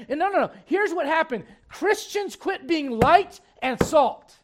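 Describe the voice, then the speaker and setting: A man preaching a sermon, shifting between quick asides, mimicked voices of churchgoers, and low, slow scripture reading. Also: animated.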